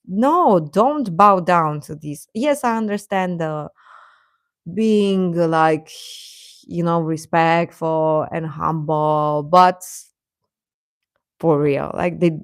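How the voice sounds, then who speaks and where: Slow-talking, outspoken woman streamer. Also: fairly low pitch, dry recording, clean studio sound. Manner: animated, opinionated, swears, laughs between sentences; reads and answers viewer comments. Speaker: K-pop commentator streaming to viewers. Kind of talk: casual live-stream chat.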